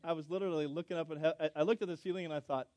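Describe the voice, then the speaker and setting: A middle-aged man, a pastor, telling a story in a sermon with animated, self-deprecating humor and acted-out dialogue. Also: on the high side, rapid-fire, no room sound.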